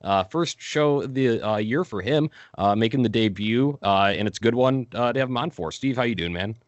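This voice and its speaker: A man's voice: medium pitch, a little fast, no echo, highs cut off. A man hosting a casual sports podcast, upbeat and full of fillers, plugging the show. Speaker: podcast host.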